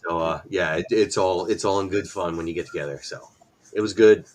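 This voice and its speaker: A man guest on a live stream, telling a story in animated fashion and acting out quotes. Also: low-pitched, fairly quick, a little hiss or hum. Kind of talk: casual chat.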